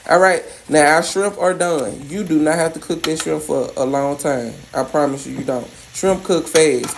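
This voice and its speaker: A woman's voice: low-pitched, a little mellow, slight background noise. Sassy Louisiana woman cooking. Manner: sassy, chatty, coaxing. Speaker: home cook. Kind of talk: cooking demonstration. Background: faint sizzling pan.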